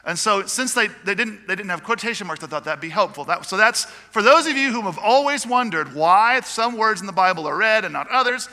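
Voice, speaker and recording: A man's voice: high voice, expressive, fairly quick, hardly any pauses, pushed and bright, in a large hall. A man preaching a chatty sermon, mixing teaching with joking asides to the congregation. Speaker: pastor. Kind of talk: conversational sermon.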